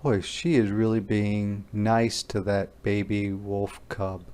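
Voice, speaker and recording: A man teacher reading a picture book aloud to young children, slow and gentle, asking them questions as he goes. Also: fairly low pitch, steady tone, clear, resonant tone. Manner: slow, gentle, asks the listener questions, voices animal sounds.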